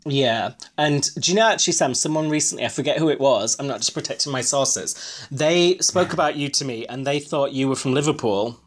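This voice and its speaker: A man's voice: medium pitch, fairly quick. A man hosting a casual chat podcast, teasing his co-host in a wry way while running through a show's contestants. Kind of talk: casual chat reviewing a TV show.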